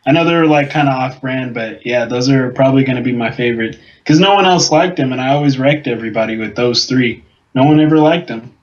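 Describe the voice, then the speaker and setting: A man's voice: mid-range voice, a little fast, hardly any pauses, dull audio. A young man on a casual gaming podcast, trading laid-back, boastful banter. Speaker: podcast co-host.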